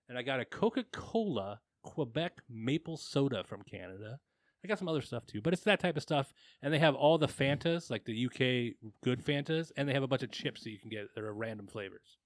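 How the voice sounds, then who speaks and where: A man co-hosting a podcast in casual chat, rambling through lists and trailing off quietly. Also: mid-range voice, no room sound, clean studio sound. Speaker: podcast co-host.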